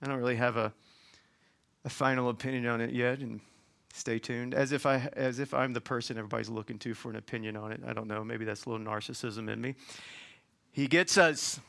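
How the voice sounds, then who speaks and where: A man preaching a sermon in a colloquial, folksy way, swinging from loud emphatic points to quiet asides. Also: mid-range voice, flat delivery, quick pace, creaky.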